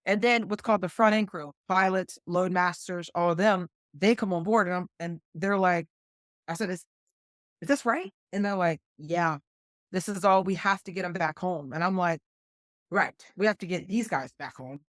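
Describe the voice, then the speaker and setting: A middle-aged woman from West Virginia, a retired flight nurse, appears as a podcast guest and earnestly tells a personal story, acting out dialogue she remembers. Her voice is on the low side and a bit bright, at normal speed, in studio-quality sound with no room noise.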